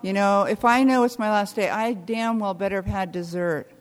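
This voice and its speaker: An older American woman telling stories with wry humor, talking haltingly with many restarts. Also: mid-range voice, in a large hall. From United States. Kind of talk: reflective storytelling talk.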